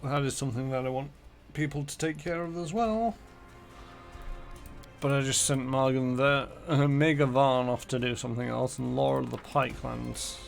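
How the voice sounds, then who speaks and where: A man's voice: mid-range voice, fairly even intonation, normal speed, gravelly, soft background music. A man streaming a game, muttering casually through menus and numbers. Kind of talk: casual gameplay commentary.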